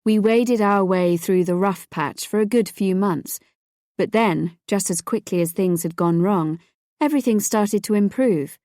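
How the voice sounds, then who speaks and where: A woman narrating a first-person true crime audiobook in a steady, measured way. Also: mid-range voice, dry recording, clean studio sound.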